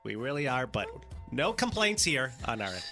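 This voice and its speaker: A man's voice: mid-range voice, very animated, normal speed, sharp tone, soft background music. A man co-hosting a radio show, dropping dry, teasing remarks into the chat. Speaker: radio co-host. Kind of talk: casual on-air chat. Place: radio studio.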